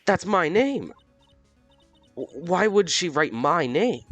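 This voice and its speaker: A man voicing an anxious, downcast young woman in a game reading, in a high, shaky voice. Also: sing-song, slow, a bit bright, lo-fi sound, soft background music, full character voice. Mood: alarmed.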